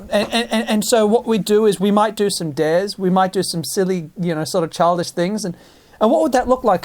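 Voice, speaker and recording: A man, possibly, telling stories in a casual monologue, animated and full of restarts. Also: high-pitched. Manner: animated storytelling with many restarts.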